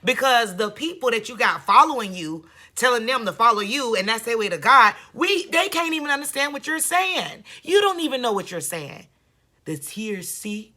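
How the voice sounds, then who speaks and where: A woman's bright, forward voice carries her casual reaction commentary. She is blunt and sarcastic, scolding the person she watches and hammering points home by repeating them. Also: on the high side, normal speed. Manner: animated, repeats herself with emphasis. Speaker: video commentator.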